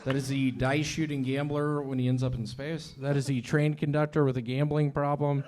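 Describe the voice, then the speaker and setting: Man, stand-up comedian, deadpan, repetitive setups. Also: medium pitch, fairly quick.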